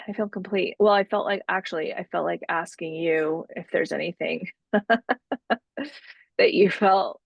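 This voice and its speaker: Low gravelly woman, spiritual podcast. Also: dry recording, lo-fi sound. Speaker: podcast co-host. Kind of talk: casual spiritual chat, reading oracle cards aloud.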